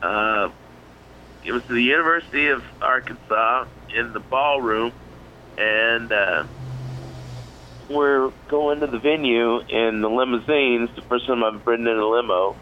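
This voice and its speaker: A man's voice: mid-range voice, unhurried, a little hiss or hum. Rambling man in his forties, lo-fi radio. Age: 40s. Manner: rambling, many fillers and restarts. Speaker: comedian guest. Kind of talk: casual storytelling on a radio show.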